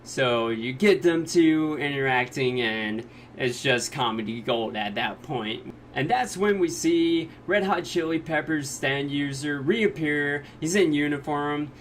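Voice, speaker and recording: A man recapping anime episodes in casual, jokey talk, sometimes quickly acting out the characters' lines. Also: mid-range voice, fairly bright tone, slight background noise. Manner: jokey retelling, quick quoted voices of characters. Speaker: anime reviewer.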